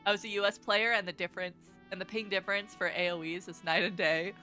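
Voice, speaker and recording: Chatty bright-voiced woman streamer. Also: mid-range voice, steady tone, fast. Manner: chatty, laughs at herself, greets chat. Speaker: VTuber streamer. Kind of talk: casual gameplay commentary. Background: faint game music.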